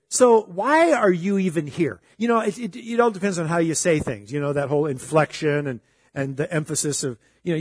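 A man's voice: fairly high pitch, a little mellow, husky, no echo, clean studio sound, in a large hall. A middle-aged man preaching a sermon in a conversational, emphatic way, often asking his listeners questions. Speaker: pastor.

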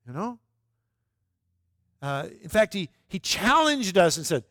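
A man with a high-pitched voice delivers a sermon in an easy, conversational way. He leans on rhetorical questions and often stops to restart a phrase. The sound is dry and close, with no room echo. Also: very animated, unhurried, long pauses, sharp tone. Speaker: pastor.

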